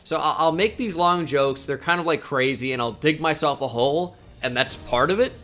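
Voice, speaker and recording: A man's voice: on the high side, normal speed, fairly bright tone. A young man giving rambling, joking, self-mocking commentary while playing a football video game. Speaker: gaming YouTuber. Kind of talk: casual gameplay commentary.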